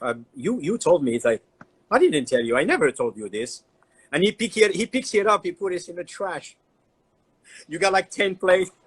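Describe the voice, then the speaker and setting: Man, somewhat high voice, animated, repeats words, casual storytelling. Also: breathy edge, rough recording. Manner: animated, repeats words, broken English phrasing. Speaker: chocolatier guest. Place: Instagram Live stream.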